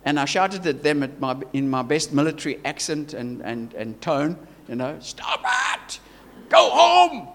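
A man's voice: medium pitch, normal speed, hardly any pauses, long reverb tail. A South African man preaching a sermon, earnest and emphatic, repeating himself and restarting phrases.

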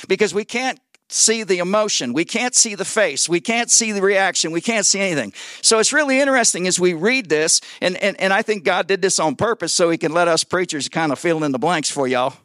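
A man's voice: high-pitched, no echo, clean studio sound. A man preaching as a guest pastor in a church service. He jokes, stumbles over repeated words, and calls on the congregation to answer back. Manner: lively and joking, calls on the congregation for responses. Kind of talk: sermon.

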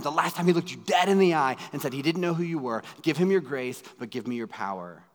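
Pastor preaching in a reverberant hall. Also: male voice, fairly high pitch, animated, quick pace, hardly any pauses. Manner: dramatic, swings from loud pleading to hushed. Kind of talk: sermon.

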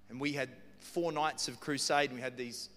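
A man's voice: mid-range voice, fairly even intonation, normal speed, fairly bright tone. A man preaching a sermon, telling a story in a humorous, conversational way. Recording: long hall reverb with music behind.

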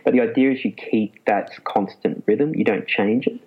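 Man, husky, low voice, muffled recording, animated, laughs a lot. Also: moderate pace. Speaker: clinical psychologist guest. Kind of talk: casual interview talk. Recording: muffled lo-fi sound.

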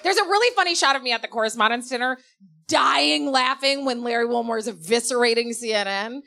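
A young woman, a comedy writer, telling funny stories in a lively, laughing way and acting out the people in them. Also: on the high side, brisk, gravelly. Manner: animated, laughs often, acts out voices in her stories. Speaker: comedy writer and guest storyteller. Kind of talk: casual comedic storytelling before a live audience.

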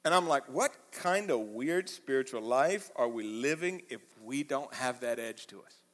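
A man preaching a sermon as pastor, swinging between quiet, low asides and loud, impassioned bursts. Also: expressive, moderate pace. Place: church auditorium. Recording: reverberant church hall.

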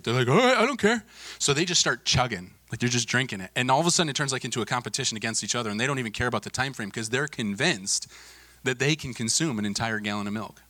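A middle-aged male pastor telling a humorous story, animated, chuckling often and acting out the voices. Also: mid-range voice, no room sound.

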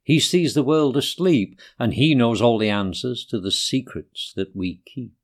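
A man voicing a wise, kindly old male owl who calmly reassures a frightened friend. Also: mid-range voice, unhurried. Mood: reassuring. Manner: reassuring, calm.

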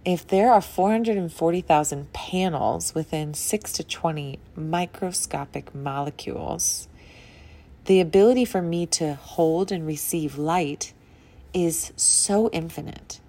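A woman's voice: on the low side, unhurried, dark tone. A young adult woman hosting a podcast, talking in an earnest, emotional, rambling way about wellness. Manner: earnest, emotional, wandering sentences with laughs. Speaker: podcast host. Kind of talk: casual spiritual monologue.

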